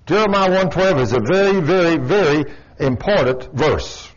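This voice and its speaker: A man's voice: fairly high pitch, lively intonation, moderate pace. A man preaching a sermon in a church, folksy and emphatic, telling stories to his congregation. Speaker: pastor. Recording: dull lo-fi church recording.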